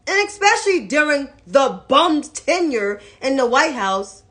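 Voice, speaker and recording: Blunt, slow-talking woman commentator. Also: sits high, very animated, a bit bright. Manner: blunt and profane, mocking. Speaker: political commentator. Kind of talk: casual political commentary.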